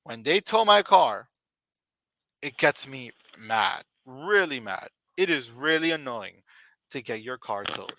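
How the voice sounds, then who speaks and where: A man leads an English conversation lesson, speaking very slowly and deliberately, repeating each question and model answer. His voice is bright, and the recording is dry and close. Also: medium pitch, big pitch swings, no room sound. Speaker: English teacher.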